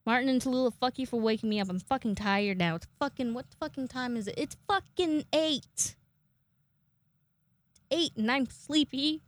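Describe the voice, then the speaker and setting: A woman's voice: sits high, moderate pace, dry recording. A young woman hosting her own podcast, rambling casually and swearing a lot as she laughs at her own jokes. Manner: rambling, swearing, self-amused. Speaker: podcast host. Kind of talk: casual solo podcast sign-off.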